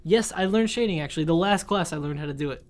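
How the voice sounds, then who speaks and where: A young adult guest chats casually on a podcast. The voice is mid-pitched and the delivery rambles, full of "like" and quoted lines from other people. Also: fast talker. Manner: rambling, quoting others with lots of likes and laughs. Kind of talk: casual chat.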